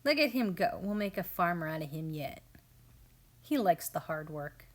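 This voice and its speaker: A woman's voice: lowish voice, sing-song, normal speed. A woman in her thirties narrating a home garden video in a casual, amused, chatty way, often quoting her family. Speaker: family homestead vlogger.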